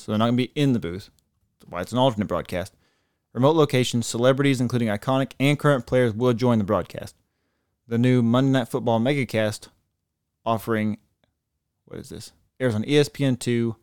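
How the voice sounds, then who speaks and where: A man's voice: medium pitch, a little mellow, clean tone, no echo, clean studio sound. A man co-hosting a sports podcast in casual, profane and opinionated chat.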